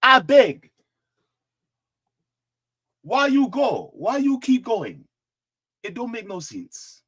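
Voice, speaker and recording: A man's voice: extremely high pitch, huge pitch swings, slow, fairly bright tone, husky, no echo, voice pushed up, heavily acted. A man putting on a mock African accent to voice an exasperated man who scolds someone and tells them to sit down. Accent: put-on African. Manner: scolding, repetitive, emphatic.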